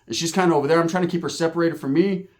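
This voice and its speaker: A man telling a profane, animated story in stand-up style, acting out the other people in it. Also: a little high, very fast. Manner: animated, profane, acts out voices. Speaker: stand-up comedian.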